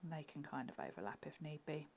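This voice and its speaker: Woman, lowish voice, chatty live craft demo, giggles and murmurs while working. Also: animated, quick pace, vocal fry, darkish tone, a little hiss or hum. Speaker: craft demonstrator.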